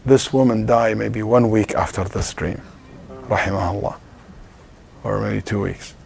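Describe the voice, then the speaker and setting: A man's voice: on the low side, fairly even intonation, a little slow, vocal fry, a little mellow, a little hiss or hum. A man teaching a religious class in an Islamic center, telling a story conversationally and sprinkling in Arabic devotional phrases. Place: Islamic center lecture hall.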